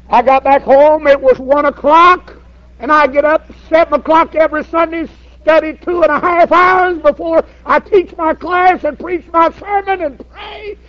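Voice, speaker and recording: An older man, a pastor telling a folksy story in a sermon and rising to shouts. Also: very high-pitched, fairly even intonation, moderate pace. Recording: dull lo-fi sermon recording.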